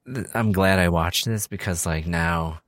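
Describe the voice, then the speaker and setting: A man co-hosting a podcast in casual chat, an animated storyteller who acts out his friends' lines. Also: low-pitched, unhurried, slight background noise. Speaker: podcast co-host.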